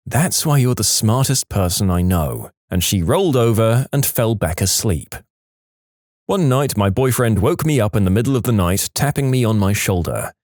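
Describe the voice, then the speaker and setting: Animated male storytime narrator. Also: on the low side, no room sound, studio quality. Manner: expressive, acts out quoted lines with voice changes. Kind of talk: scripted narration of reader stories.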